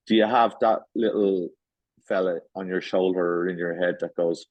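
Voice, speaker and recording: A middle-aged man hosting a casual podcast chat, telling stories playfully with lively retellings. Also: low-pitched, normal speed, dry recording. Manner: playful storyteller, animated retelling. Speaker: guest host. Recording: muffled lo-fi sound.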